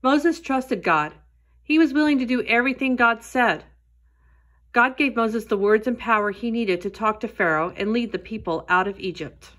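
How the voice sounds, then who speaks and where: A woman's voice: on the high side, moderate pace. Woman telling a children's Bible story. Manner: gentle storytelling, addressing children directly. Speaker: Sunday school teacher.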